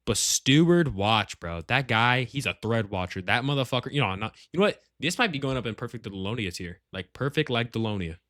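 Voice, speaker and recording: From home, where he lives with family, a gaming clan leader rattles off a casual tier list of his group, rambling with heavy slang and swearing. He speaks a little fast with few pauses, in an animated, fairly bright, medium-pitched voice. The studio-quality audio has no room sound.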